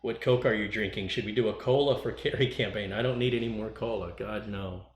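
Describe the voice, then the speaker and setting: Man, fairly low voice, teasing livestream host, reads chat, echoey room, light hiss. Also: brisk. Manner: joking, teasing, chatty. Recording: echoey room, faint noise.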